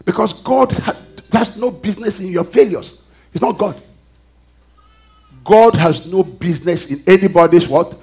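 Preacher, male, high-pitched, call-and-response delivery with sharp swings in volume. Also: normal speed. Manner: call-and-response preaching, reads scripture aloud, swings loud and soft. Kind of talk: sermon.

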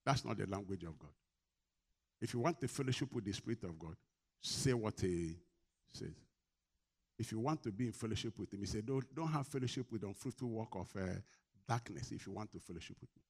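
A man preaching a sermon, asking the congregation questions and answering them, swinging between loud and quiet. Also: fairly low pitch, expressive, a little fast, husky.

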